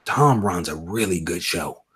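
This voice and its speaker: A man's voice: sits low, expressive, measured pace, fairly bright tone. A man talking casually on a live comics stream, joking and then speaking earnestly about consistency. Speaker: guest YouTuber.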